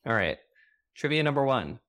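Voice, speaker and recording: A woman's voice: extremely low pitch, very animated, normal speed. A young woman co-hosting a casual rewatch podcast, chatty and full of fillers as she shares trivia. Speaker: podcast co-host.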